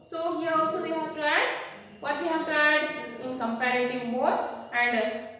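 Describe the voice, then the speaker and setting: A woman's voice: high voice, steady tone, moderate pace, pushed and bright. A woman teacher giving a grammar lesson to children, repeating each point and quizzing the class as she goes. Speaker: school teacher. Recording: echoey hall, distant mic, faint noise.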